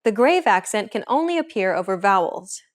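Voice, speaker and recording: A woman hosting a language lesson, reading a script in a clear, even, instructive way. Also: mid-range voice, normal speed.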